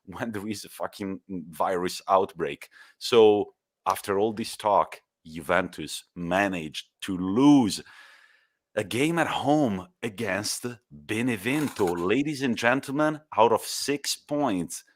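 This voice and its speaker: A man co-hosting a podcast, telling football stories in a lively way with laughs and the odd swear word. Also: lowish voice, takes it slowly. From Italy. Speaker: podcast co-host. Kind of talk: casual football chat.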